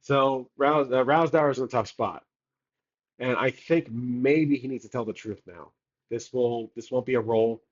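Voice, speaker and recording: A man's voice: mid-range voice, moderate pace, lo-fi sound. A man narrating his solo tabletop game, thinking aloud, rambling with many fillers and restarts.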